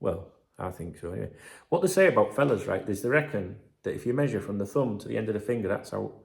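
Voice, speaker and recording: A man's voice: lowish voice, animated, quick pace, vocal fry. A man hosting a football channel, ranting and rambling in casual, sweary banter.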